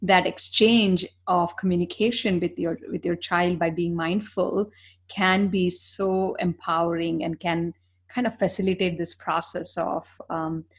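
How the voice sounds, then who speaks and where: A middle-aged woman who is a child psychiatrist, hosting a podcast and talking in a halting way with restarts. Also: fairly low pitch, steady tone. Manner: halting, with restarts and fillers while building a thought. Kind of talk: podcast conversation.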